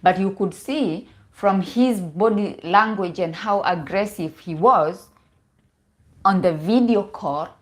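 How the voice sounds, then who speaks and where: A woman's voice: mid-range voice, slow pace. A woman, a relationship coach talking casually on a livestream, mixing in Swahili words and repeating herself as she goes. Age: 40s.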